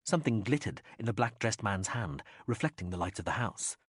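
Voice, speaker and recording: A man narrating an audiobook in a lively, expressive reading style. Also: on the low side, a little fast, husky, no room sound, studio quality. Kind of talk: scripted narration.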